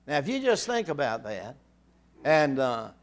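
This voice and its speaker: An older man preaching a sermon, full of halting restarts and repeated words that build into fervent calls to the congregation. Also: medium pitch, very animated.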